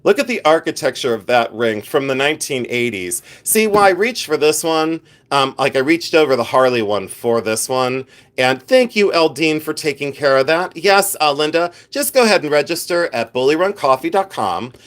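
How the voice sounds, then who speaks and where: A man's voice: on the high side, expressive, normal speed, a bit bright. A man hosting a live vintage jewelry sale, chatting casually and rambling as he answers viewers by name, joking at his own expense. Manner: self-mocking with bursts of playful laughter. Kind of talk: casual livestream selling chat.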